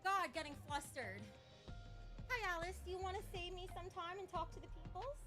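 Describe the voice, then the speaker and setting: A woman's voice: extremely high pitch, brisk, music in the background. A woman streamer ranting casually on a livestream, profane and taunting, a little out of breath.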